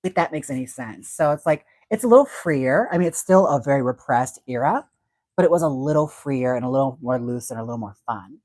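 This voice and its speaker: This wig stylist hosts a relaxed livestream, giggling and chatting about wigs as he reads out comments from viewers. He speaks in a mid-range voice with lively intonation and a darkish tone, moving a bit fast, and there's no echo.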